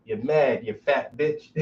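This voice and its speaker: A man hosting a casual chat, talking bluntly and profanely and laughing often. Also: a little high. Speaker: host. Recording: dull, muffled recording.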